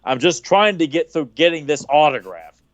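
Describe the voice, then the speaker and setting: A man's voice: a little high, big pitch swings, normal speed, no room sound, lo-fi sound. A man on a podcast telling a long, rambling anecdote in casual chat, with frequent restarts. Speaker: podcast co-host.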